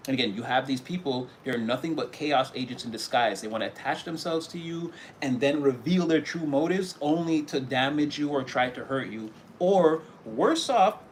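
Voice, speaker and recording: A man's voice: mid-range voice, a little hiss or hum. A man giving a casual tarot reading, talking animatedly and acting out little scenes, often breaking into laughter. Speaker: tarot reader.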